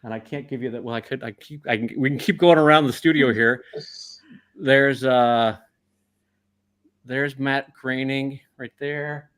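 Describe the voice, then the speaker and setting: A male cartoonist chatting casually from his art studio over a webcam video call, animated and self-deprecating. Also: mid-range voice, unhurried, clean tone. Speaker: guest cartoonist. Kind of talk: casual chat.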